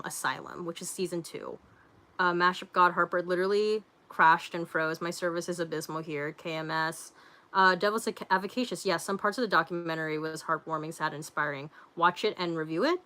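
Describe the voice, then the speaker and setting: A woman's voice: lowish voice, sharp tone. A woman hosting a casual livestream, reading viewer comments aloud and chatting in a rambling way with lots of fillers and frequent laughter. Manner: laughs often.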